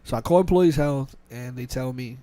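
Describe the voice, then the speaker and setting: A man hosting a casual podcast, telling a work story quickly and animatedly, with many restarts and quoted back-and-forth dialogue. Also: medium pitch, mellow, no room sound. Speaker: podcast host. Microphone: podcast mic.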